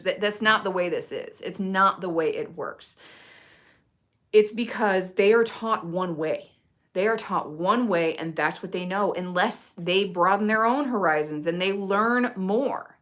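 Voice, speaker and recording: A woman's voice: fairly low pitch, fairly bright tone. A woman herbalist giving casual advice in a chatty, earnest way, with frequent fillers and restarts. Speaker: herbalist host.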